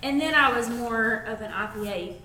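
Female podcast co-host, chatty and quick to laugh; slightly high voice, echoey room with clear background noise. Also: far from the mic. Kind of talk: casual chat.

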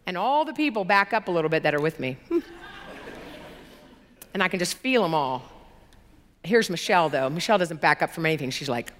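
A woman preacher tells her testimony in a sermon, animated and emphatic, repeating key words for force. Her voice sits high. Long reverb from a large hall trails each phrase. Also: moderate pace. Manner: animated storytelling with emphatic repetition.

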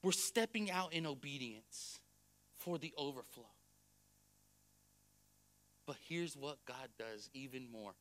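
A man pastor delivering a sermon in church, blunt and emphatic, swinging between soft passages and loud ones. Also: medium pitch, expressive, slow pace, long pauses. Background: faint music.

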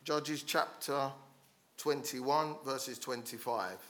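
A man preaching a sermon, passionate and urging, who often restarts his words and swells to loud calls to his congregation. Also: mid-range voice, steady tone, takes it slowly. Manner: passionate, rising to loud exhortation with frequent restarts.

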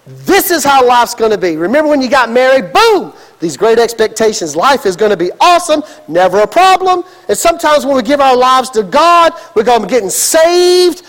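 A man's voice: high voice, fairly bright tone, long reverb tail, poor audio. A male pastor, preaching a sermon dramatically with sudden emphatic outbursts.

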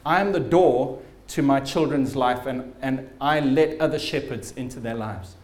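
A man's voice: mid-range voice, moderate pace, a little mellow, reverberant. A man preaching a sermon as pastor, telling stories vividly and with emphasis.

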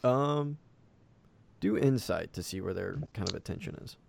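A man's voice: low voice, animated, moderate pace, vocal fry, no room sound. A man narrating a tabletop game as game master, casual and full of fillers.

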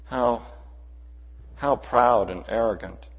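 A man preaching a sermon to his church, emphatic, asking rhetorical questions and swinging between loud and hushed delivery. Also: medium pitch, takes it slowly, slightly rough. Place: church sanctuary. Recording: dull hall reverb.

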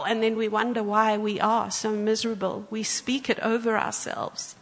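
A woman preaching a sermon in a church, telling a story with lively acted-out quotes. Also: medium pitch, a little slow, few pauses. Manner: animated storyteller, acts out quotes. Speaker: guest preacher. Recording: church hall with long reverb.

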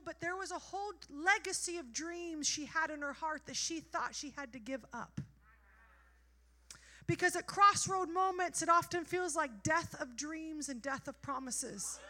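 A woman preacher delivering a sermon, moving from quiet storytelling to passionate, shouted exhortation. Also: very high-pitched.

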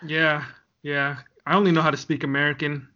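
A man's voice: on the high side, flat delivery, a little fast, pushed and bright. A man co-hosting a podcast in casual chat, rambling and joking with frequent laughs. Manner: rambling, jokey, laughs often. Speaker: podcast co-host. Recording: dull lo-fi sound.

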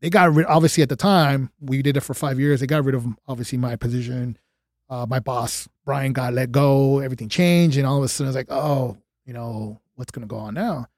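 A man, a guest on a casual podcast, telling a backstage story in a lively way, acting out what people said and swearing freely. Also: mid-range voice, a little fast, no room sound, studio quality. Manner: animated, acts out quoted dialogue, swears freely. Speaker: guest, former stage manager.

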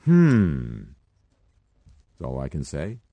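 Deep-voiced sardonic older radio host. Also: male voice, lively intonation, darkish tone, no room sound. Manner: dry, sardonic, halting with fillers. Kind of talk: satirical radio commentary.

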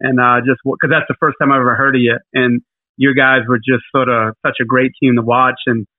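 A man's voice: medium pitch, little pitch movement, brisk, no room sound. A man co-hosting a casual podcast, talking in a rambling, hesitant way with lots of fillers. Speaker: podcast co-host. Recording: tinny phone-like line.

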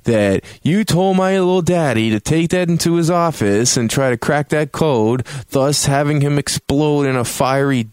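A grieving young woman, high and shrill with outrage, tumbles through her accusation. Her words are indignant and rambling. She is put on by a man with a dry, close voice. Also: normal speed, few pauses, darkish tone, clean tone, no echo, lightly acted. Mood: accusing.

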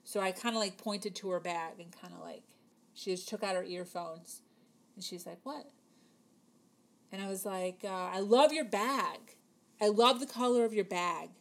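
A woman's voice: medium pitch, normal speed. A woman in her thirties, telling a personal story to her viewers in a chatty way, with many fillers, acting out the dialogue. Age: 30s. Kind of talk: casual storytelling to camera.

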